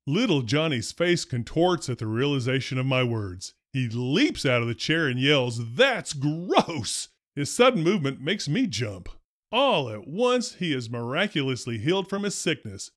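A man, a former school principal, tells stories from his career in a wry, deadpan first-person narration. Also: mid-range voice, moderate pace, dry recording. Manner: dry, wry humor, deadpan delivery.

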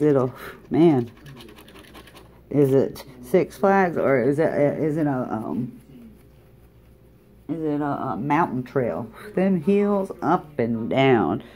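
A woman's voice: extremely low pitch, mellow. A woman chatting casually to viewers while scratching lottery tickets in a hotel room, drawling and talkative.

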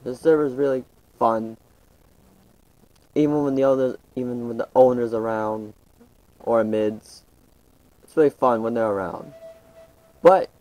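The host of a gaming channel gives casual, rambling commentary over his gameplay, frequently stopping and restarting sentences. His voice is lowish and warm, though the audio is poor.

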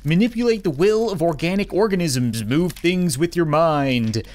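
A woman's voice: on the low side, expressive, normal speed, darkish tone. Woman joking through a game. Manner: jokey, self-mocking, with sudden squeals and giggles; talks through puzzles aloud, half to herself. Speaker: let's play gamer. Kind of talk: playful gameplay commentary.

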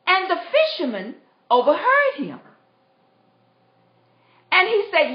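An inspirational speaker with a very high, wildly swooping voice talks slowly and pauses often, emphatically repeating her exhortations and telling stories. She's recorded on a tablet in a roomy, dull lo-fi livestream.

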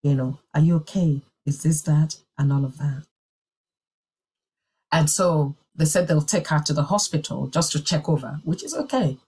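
A woman's voice: deep voice, expressive, normal speed, warm tone, slightly rough. A woman telling a personal testimony in a sermon, in an earnest and emphatic way. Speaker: church speaker.

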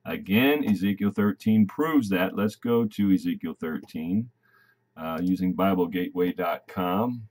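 A man's voice: sits low, measured pace. A man giving an emphatic Bible prophecy teaching, reading scripture aloud and addressing listeners as brothers and sisters. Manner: emphatic, animated preaching with laughs and asides.

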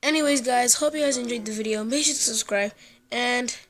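A woman giving casual, excitable gameplay commentary, giggling often as she talks. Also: a little high, a little fast. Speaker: gaming YouTuber.

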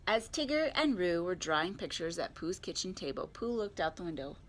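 A woman at a library storytime, reading a picture book aloud in a clear, expressive way. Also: on the low side, a little fast.

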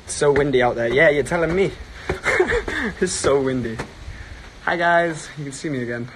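Young male livestreamer, slightly high voice, out of breath and scatterbrained, phone mic outdoors with heavy wind noise. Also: normal speed. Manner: chatty and scatterbrained, laughing at himself. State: out of breath from walking. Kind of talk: casual live stream chat. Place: outdoors on a windy walk. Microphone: phone held while walking.

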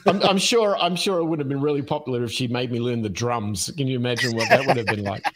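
An Australian man in his fifties, a podcast guest telling his life story in an unhurried way, with plenty of ums and uhs and easy chuckles. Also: mid-range voice, very noisy. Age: 50s. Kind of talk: casual storytelling interview.

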